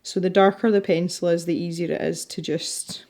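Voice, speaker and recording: A woman's voice: fairly low pitch, steady tone, normal speed, darkish tone. A Scottish woman hosting a colouring video, chatting casually and rambling while she works, often laughing. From Scotland. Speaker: colouring channel host.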